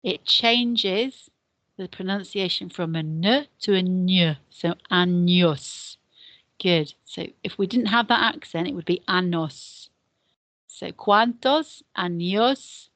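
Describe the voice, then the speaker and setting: A woman's voice: medium pitch, a little slow, fairly bright tone, no echo. An English woman teaching a beginner Spanish lesson, patiently drilling words and numbers. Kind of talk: recorded classroom lesson.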